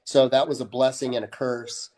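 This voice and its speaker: A man's voice: mid-range voice, flat delivery, moderate pace, darkish tone. A man who is a guest on a live stream, chatting casually in a laid-back way, often saying "bro" and restarting his sentences. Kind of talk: casual chat.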